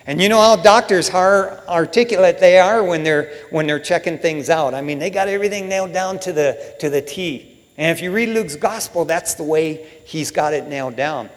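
A man preaching a sermon in a casual, animated way with lots of slang. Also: a little high, normal speed, in a large hall.

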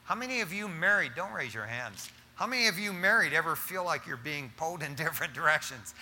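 Bright, lively middle-aged pastor preaching. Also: male voice, on the high side, fairly quick, few pauses, big-room sound. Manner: animated, conversational, often says "man". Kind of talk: sermon.

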